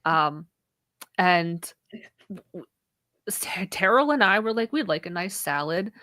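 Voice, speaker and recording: A woman's voice: lowish voice, lively intonation, unhurried, bright, forceful tone, dry recording. Earnest, emotional woman co-host, dry sound. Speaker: podcast co-host. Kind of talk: casual chat.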